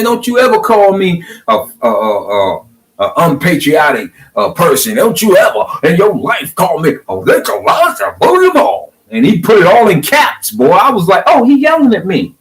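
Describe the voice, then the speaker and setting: Hyped middle-aged guy with AAVE ranting on his vlog, voice a bit high, swings all over. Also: moderate pace, rough recording. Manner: animated, preachy, swings from hyped to calm. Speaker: video blogger. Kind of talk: fired-up social media rant.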